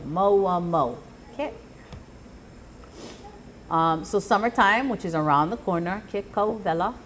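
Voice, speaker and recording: A woman's voice: mid-range voice, a little hiss or hum. A woman teaching a live language lesson, often repeating and chanting phrases for learners. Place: live venue.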